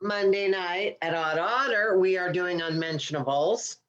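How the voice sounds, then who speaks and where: A woman's voice: fairly low pitch, a little slow, a bit bright, highs cut off. A woman co-hosting a comedy podcast, chatting in an upbeat way and trailing off her sentences. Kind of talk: casual chat.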